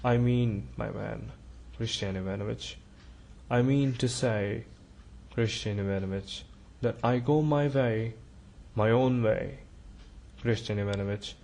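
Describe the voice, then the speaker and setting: A man's voice: fairly low pitch, measured pace, vocal fry, long pauses, darkish tone. A man voicing a timid, stammering clerk. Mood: halting, earnest. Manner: stammering and hesitating. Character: timid, awkward male civil servant.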